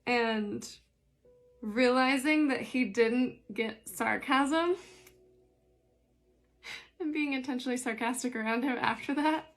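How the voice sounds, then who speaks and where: Young woman, tarot-reading life coach, bright higher voice, chatty and dryly sarcastic. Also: slow pace, pauses often, faint music behind. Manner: chatty, dry sarcastic humor. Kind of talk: casual tarot reading vlog.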